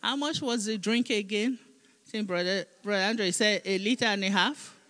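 A woman's voice: mid-range voice, a bit bright. A woman pastor preaching a sermon, reading scripture aloud and calling on the congregation to repeat after her. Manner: reads scripture aloud, pausing for responses. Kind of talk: sermon with call-and-response.

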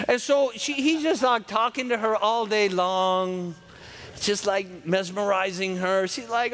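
A man preaching a lively sermon, swinging from shouts to hushed tones and acting out the voices in the story. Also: sits high, a little slow. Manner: animated, swings between loud and hushed, acts out voices.

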